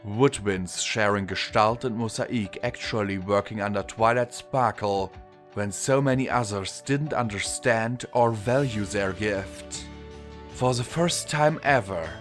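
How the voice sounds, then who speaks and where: A man narrating a fan fiction audiobook in a measured storytelling manner. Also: lowish voice, fairly bright tone. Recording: long reverb with faint music.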